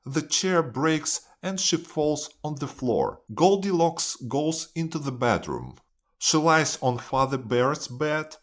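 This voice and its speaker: A man reading a children's storybook aloud in a clear, expressive manner. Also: a little high, slow.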